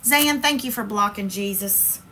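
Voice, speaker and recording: A woman's voice: medium pitch, measured pace, pushed and bright, a little hiss or hum. Chatty woman hosting a crafting livestream. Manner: chatty and playful, talks straight to viewers. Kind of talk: casual livestream chat.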